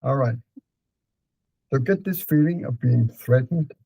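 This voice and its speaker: A man with a Danish accent calmly guiding a client through a therapy session, repeating prompts slowly. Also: medium pitch, breathy edge, no echo, low-quality recording. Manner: calm, repetitive prompting with fillers.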